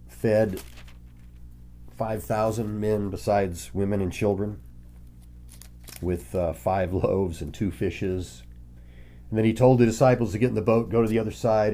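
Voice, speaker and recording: A man preaching a Bible lesson, reading scripture aloud and explaining it in a conversational, animated way. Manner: animated, voices the characters with sudden pitch jumps. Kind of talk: Bible teaching sermon.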